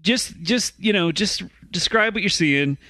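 A man's voice: high-pitched, lively intonation, a little slow, sharp tone, dry recording. A man hosting a comedy news podcast, reading a story aloud and prompting his co-hosts. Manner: reads stories, then prompts co-hosts. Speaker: podcast host presenting news.

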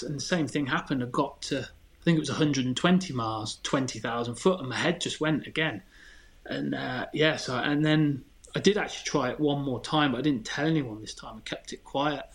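A man's voice: mid-range voice, a bit bright. A man, a podcast guest chatting casually and telling candid, self-deprecating stories. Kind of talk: casual chat.

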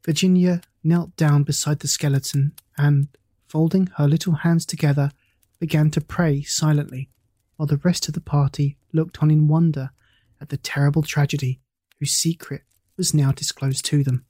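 A mellow, warm-toned reader telling an old ghost story in a steady, measured way. The sound is close and dry, with no room around it. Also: mid-range voice, slightly rough, dry recording. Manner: measured, even storytelling delivery. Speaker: audiobook narrator. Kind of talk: scripted narration of a classic ghost story.

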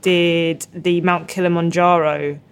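A man co-hosting a podcast, chatting in a relaxed, easygoing way. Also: on the high side, takes it slowly, clear, resonant tone. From Philippines. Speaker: podcast co-host. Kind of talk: casual chat.

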